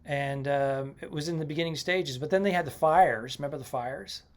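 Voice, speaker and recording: A male comedian chatting casually on a podcast, often pausing with ums and restarts. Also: fairly high pitch. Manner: easygoing, hesitant, many ums. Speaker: touring comedian, podcast co-host.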